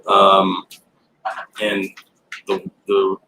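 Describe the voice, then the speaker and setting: A deep-voiced man talking in a loose, rambling way, full of fillers and restarts. He is recorded in a roomy shop space, with a faint hum of noise behind him. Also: extremely slow. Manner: relaxed storytelling with filler words and restarts. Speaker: actor and guest. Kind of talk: casual interview chat. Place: comic book shop signing event.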